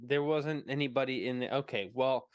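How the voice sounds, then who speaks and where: A man's voice: medium pitch, normal speed, smooth, no echo. A man co-hosting a casual movie chat, hesitant, with many fillers and restarts, laughing easily. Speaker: podcast co-host.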